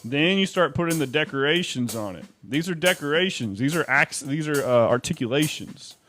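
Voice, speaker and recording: A man's voice: a little high, lively intonation, normal speed, a bit bright. Guy giving a laid-back drum lesson, counts out triplets, faint drums and music behind. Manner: chatty, counts rhythms aloud. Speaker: drum teacher. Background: drum kit playing.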